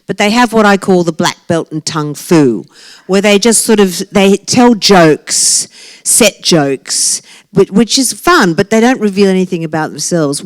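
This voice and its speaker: A woman's voice: mid-range voice, dry recording. A woman in her sixties tells stories to an audience with a brash, self-mocking humour, laughing at her own jokes. Her voice is heard close and dry, with little room sound. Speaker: author. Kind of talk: lively talk to a live audience. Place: library talk event.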